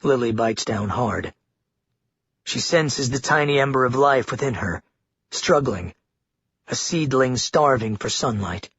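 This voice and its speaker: Husky-voiced man narrating a grim audiobook. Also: medium pitch, unhurried, a bit bright, no echo. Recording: dry, slightly muffled lo-fi recording.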